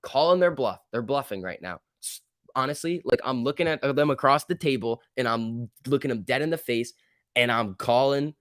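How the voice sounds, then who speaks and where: A young man hosting a live stock-market stream, talking in an emphatic, excitable rant. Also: mid-range voice, normal speed, no room sound, clean studio sound. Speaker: livestream host.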